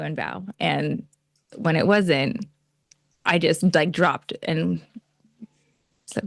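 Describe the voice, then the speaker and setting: A woman in her thirties telling an animated story as a guest on a video call, acting out her own reactions and laughing often. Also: low voice, measured pace, creaky, pauses often, no echo, studio quality. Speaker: pageant titleholder guest.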